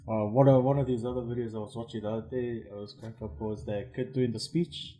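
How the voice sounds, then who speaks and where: A man with a New Zealand accent hosting a relaxed, casual chat with plenty of fillers. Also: medium pitch, quick pace. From South Auckland, New Zealand. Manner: easygoing, relaxed, lots of fillers. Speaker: podcast host.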